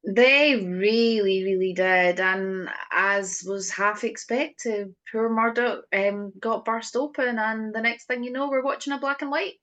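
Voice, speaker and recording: A woman co-hosting a podcast in casual chat, chatty, with quick asides. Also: on the high side, fairly even intonation, a bit bright. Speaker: podcast co-host. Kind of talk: casual chat recapping wrestling.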